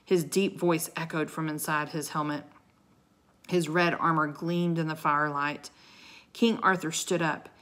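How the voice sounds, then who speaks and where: A woman reading a children's chapter book aloud, slowly and clearly. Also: sits low, steady tone, fairly bright tone. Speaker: storybook reader. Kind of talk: slow read-aloud narration.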